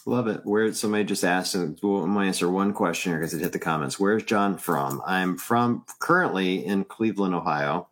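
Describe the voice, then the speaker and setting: Easygoing low-voiced Southern man. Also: a little fast, hardly any pauses, fairly bright tone. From Mississippi, USA. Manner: joking, easygoing, wraps up with sponsor plugs. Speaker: podcast co-host. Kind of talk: casual podcast chat.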